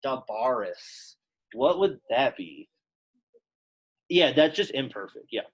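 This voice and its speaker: A man's voice: medium pitch, very animated, takes it slowly, husky, rough recording. A young man teaching a Latin class in a classroom, chatty and casual, full of "like" fillers. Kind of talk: classroom lesson.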